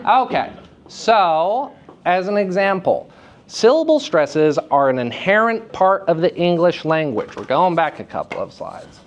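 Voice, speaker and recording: A man giving a lecture to students, energetic and checking in with frequent "right?" and "okay?", repeating example sentences to demonstrate. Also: sits high, measured pace, highs cut off. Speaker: theater lecturer.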